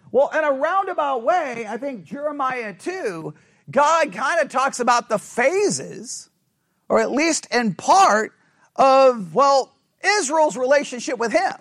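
High-voiced man teaching a Bible study. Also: a bit bright. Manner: asks the group questions, repeats phrases for emphasis. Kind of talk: interactive Bible study lesson.

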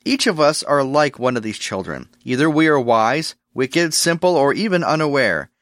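Lively earnest male radio preacher. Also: medium pitch, dry recording, studio quality. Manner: measured, earnest reading of scripture. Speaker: radio ministry host. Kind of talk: scripted religious radio teaching.

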